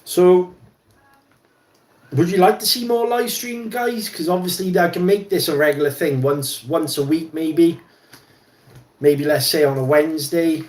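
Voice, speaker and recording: A man's voice: fairly high pitch, steady tone, unhurried, pauses often, a little mellow, roomy sound. A man hosting a casual livestream while fixing an RC car at his bench, rambling with lots of ums and restarts. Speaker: livestream host. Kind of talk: casual chat while wrenching.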